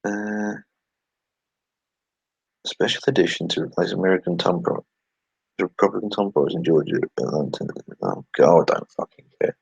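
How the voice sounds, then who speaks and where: A channel host with a low, husky voice reads tweets aloud with sarcastic running commentary, swearing freely, muttering asides and pausing often. He is animated at a normal speed, his voice dry and close on a dull, lo-fi home recording.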